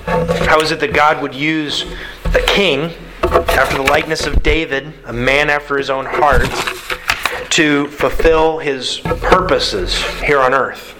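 A man's voice: on the high side, fairly even intonation, slow pace, background noise. A man preaching a conversational sermon, asking his listeners questions and answering them. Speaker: pastor.

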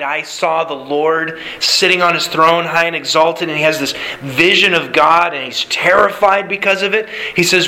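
A pastor delivering a conversational sermon. His voice sits a little high and rings bright and forceful. He tells stories in an easy, unhurried way, with fillers and restarts. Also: low-quality recording.

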